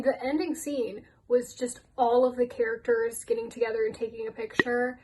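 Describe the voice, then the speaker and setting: A woman's voice: a little high, steady tone, moderate pace, hardly any pauses, a little hiss or hum, rough recording. A woman giving a casual rant vlog, blunt and sweary, often laughing. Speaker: YouTuber.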